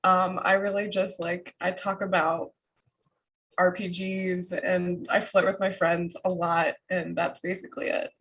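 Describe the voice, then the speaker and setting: A woman player on a live tabletop stream, emotional and teary, gushing her thanks quickly with laughter between her words. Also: lowish voice, little pitch movement, a bit bright, rough recording.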